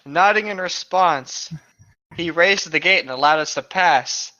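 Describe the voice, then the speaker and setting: Sick reader plowing through bad fanfic, sharp voice, dull lo-fi mic. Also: mid-range voice, a little slow, dry recording. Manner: reads aloud, stumbles and laughs. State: coughing, sick. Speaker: podcast reader. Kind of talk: comedic reading of fan fiction.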